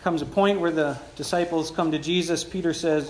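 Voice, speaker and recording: Conversational pastor preaching in an echoey church. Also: male voice, fairly high pitch, steady tone, normal speed, a little hiss or hum. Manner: conversational, asks the congregation questions. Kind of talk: sermon. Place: church sanctuary.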